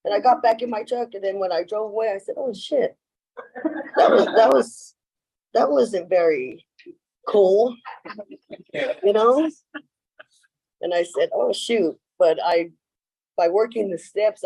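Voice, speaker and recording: Her voice is medium-pitched, dark and slightly rough, delivered at a measured pace with long pauses, and the recording quality is low. She's sharing her story at a recovery meeting in a meeting room, rambling with plenty of "you know" and acting out what others said.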